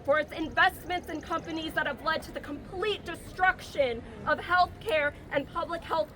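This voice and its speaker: A woman's voice: very high voice, normal speed, bright, forceful tone. A young woman giving an emotional, rousing protest speech outdoors, now and then stumbling over words. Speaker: rally speaker. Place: outdoor campus green. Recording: outdoor street noise, faint.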